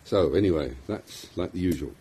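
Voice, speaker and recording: Rambling London-accented man, mellow voice. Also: sits low, lively intonation, moderate pace, husky. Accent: London English. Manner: rambling, self-deprecating, many fillers. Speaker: psychiatrist giving a talk. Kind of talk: informal talk to a group.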